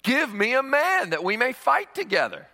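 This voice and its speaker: A man's voice: extremely high pitch, wildly swooping pitch, normal speed, bright, forceful tone, voice pushed up, exaggerated voice. A man voicing a boastful giant male warrior who taunts an army with brash trash talk. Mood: taunting. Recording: long hall reverb.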